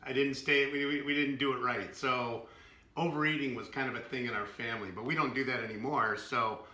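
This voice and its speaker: A man from the Boston area co-hosts a casual cooking demo, chatty and full of jokes. His voice is very bright, in a middle pitch. The room carries a clear echo. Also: fairly even intonation, a little fast. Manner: joking, chatty, laughs often. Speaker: co-host.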